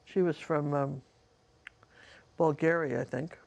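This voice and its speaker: A woman's voice: sits low, steady tone, takes it slowly, gravelly, a little mellow. A woman, a painting teacher, casually telling a personal story in a chatty, rambling way with lots of asides.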